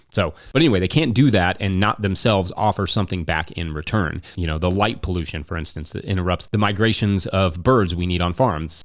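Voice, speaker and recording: A man's voice: sits low, dry recording, studio quality. A man hosting a farming podcast, talking casually with rambling, joking asides. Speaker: podcast host.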